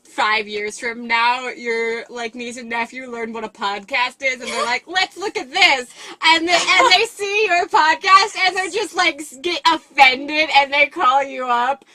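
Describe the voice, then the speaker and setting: A young woman co-hosting a podcast, her voice high and bright. She talks in a loose, animated ramble full of "like" and trailing asides. It is easygoing, chatty banter. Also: unhurried, hardly any pauses. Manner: rambling and animated, heavy use of "like". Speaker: podcast co-host. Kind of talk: casual chat.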